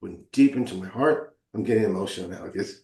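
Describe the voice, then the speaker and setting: A man's voice: sits low, fast talker, gravelly, warm tone. Earnest man telling his story, roomy sound. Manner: earnest, emotional, acts out quoted dialogue. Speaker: guest. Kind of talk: storytelling in conversation. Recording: roomy echo.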